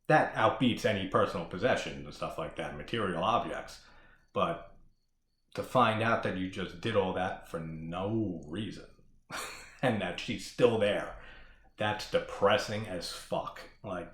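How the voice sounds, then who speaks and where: A horror movie podcast host talks through scenes in a casual discussion, rambling, swearing, and full of enthusiasm. His voice is fairly low and a bit bright, recorded in an echoey room.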